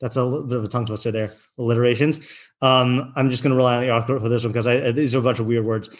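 A man's voice: mid-range voice, fairly even intonation, rapid-fire. A man teaching an online text study class, reading passages out and translating them in a loose, chatty way with plenty of fillers and restarts.

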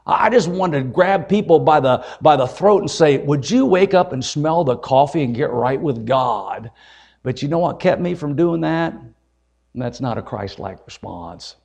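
A man's voice: fairly high pitch, a little mellow. An older man, an evangelist, preaching a folksy, joking and emphatic sermon.

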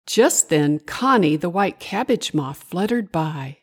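An older woman narrating a children's bedtime story in a gentle, singsong way. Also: on the low side, lively intonation, unhurried, few pauses, slightly rough.

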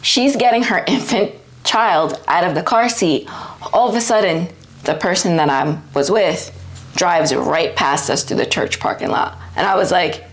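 A woman co-hosting a podcast, chatting casually, laughing and chiming in with quick agreement. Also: fairly low pitch. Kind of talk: casual chat.

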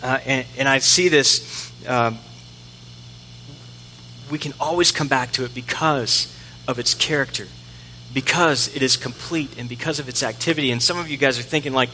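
A man's voice: mid-range voice, normal speed, pauses often, pushed and bright, slight background noise. A middle-aged man preaching a conversational, self-deprecating sermon in a church, acting out the voices he quotes. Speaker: pastor. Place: church sanctuary. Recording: long hall reverb.

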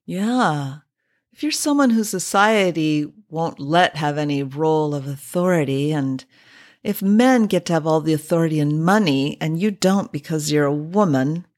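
A woman hosting a podcast, chatting wryly about an old radio drama with many drawn-out "oh"s. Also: low voice, darkish tone. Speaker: podcast host.

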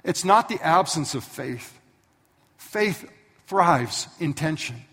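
A man's voice: on the high side, expressive, slow pace, fairly bright tone, husky. A man preaching a sermon who tells the story vividly and speaks directly to the congregation. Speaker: pastor. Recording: echoey hall from some distance.

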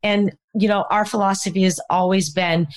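A woman's voice: medium pitch, fairly even intonation, normal speed. Chatty, teasing woman podcast co-host. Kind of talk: casual podcast chat.

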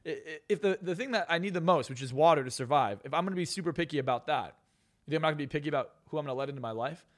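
A fairly high-pitched young man races through his words as a guest on a podcast interview. The hypnotist and success coach is profane, brash and emphatic, swearing heavily and jabbing at his points.

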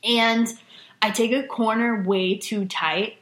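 A young woman from Rhode Island tells a story in relaxed chat, animated and quick to laugh. Her voice is bright and fairly high. The room around her is echoey. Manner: animated, laughing often, acts out quoted voices.

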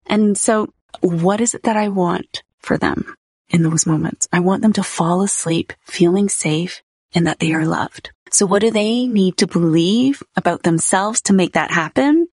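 A woman's voice: lowish voice, a little slow, a little mellow, breathy edge, no room sound, studio quality. A woman hosting a solo podcast, talking in a candid, personal way and laughing easily. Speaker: podcast host.

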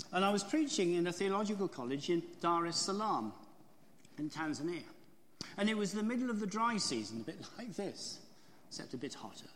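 A man's voice: sits high, expressive, a little fast, a bit bright, a little hiss or hum. A man preaching a sermon in a storytelling way, often asking his listeners rhetorical questions. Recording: echoey hall.

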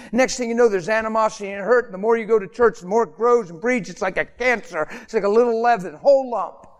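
A man preaching a sermon with passion, swinging between high emphatic peaks and soft, quiet pleading, and acting out quoted voices along the way. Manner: impassioned, rising to high emphatic peaks then dropping soft; acts out quoted voices in conversational asides. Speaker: pastor.

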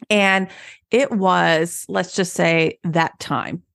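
A woman's voice: lowish voice, drawn-out words, gravelly, no echo, clean studio sound. A woman hairstylist co-hosting a casual chat, telling stories and acting out peppy voices. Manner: lively storyteller, acts out peppy voices. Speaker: podcast co-host, hairstylist.

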